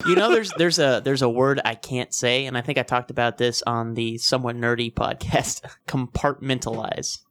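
A man co-hosting a podcast in casual chat, crude and joking and quick to laugh at his own stories. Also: mid-range voice, a bit bright, a little hiss or hum. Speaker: podcast co-host.

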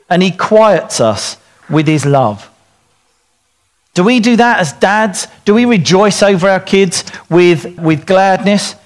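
A middle-aged man giving an informal sermon to dads, telling stories in an animated way and acting out the quotes. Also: high-pitched. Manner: animated storytelling, acts out quotes. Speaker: speaker at a church talk for dads.

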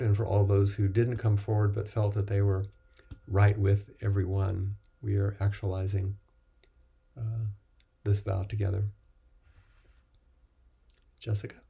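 A man teaching at a meditation gathering, gentle and encouraging, often restarting his sentences. His voice is low and gravelly, with a mellow, husky tone. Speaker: Zen teacher. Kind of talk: dharma talk and chanting.

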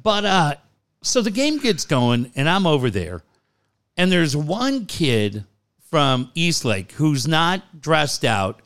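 A man's voice: a little high, big pitch swings, slow, a bit bright, smooth. A man co-hosting a podcast, telling stories in a casual chat, swearing freely and laughing as he goes. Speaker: podcast co-host.

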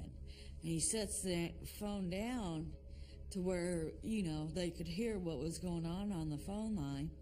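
A woman's voice: fairly low pitch, slow, warm tone, soft background music. A woman telling of an ordeal she lived through as a prison officer, in a documentary interview, in a plain, matter-of-fact way.

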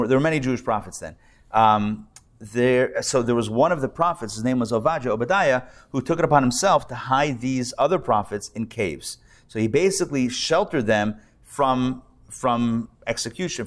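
A man teaching a live class as a rabbi, talking in a loose conversational way with many restarts and repeated words, and dropping in wry jokes. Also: mid-range voice. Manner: wry humorous asides. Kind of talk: live adult-education lecture. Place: live lecture before an audience.

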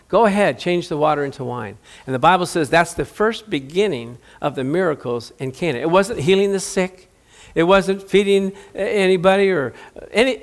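A man preaching a conversational sermon, acting out biblical dialogue with humor. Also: high-pitched. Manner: conversational, jokey preaching with acted-out quotes. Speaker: pastor.

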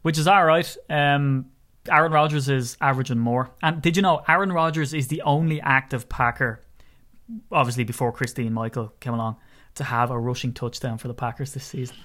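A young Irish man hosting a chatty sports podcast, quick to crack jokes and drop a swear word. His voice sits at an ordinary middle pitch. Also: steady tone, a bit bright. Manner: joking, swears casually. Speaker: podcast host. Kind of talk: casual chat.

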